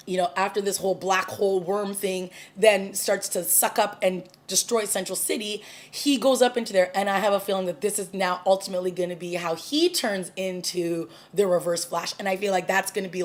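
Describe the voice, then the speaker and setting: A woman talks through a TV episode she just watched, chatting casually as a review vlogger. Her voice sits at an ordinary middle pitch. She stumbles and restarts often, padding her lines with fillers as she recaps. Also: steady tone, normal speed.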